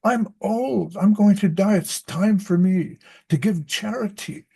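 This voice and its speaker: A man voicing an old, hungry male lion in a fable who coaxes a traveler with gentle words. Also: sits high, measured pace, creaky, slightly rough, voice pushed up, full character voice. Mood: coaxing. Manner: coaxing, falsely gentle.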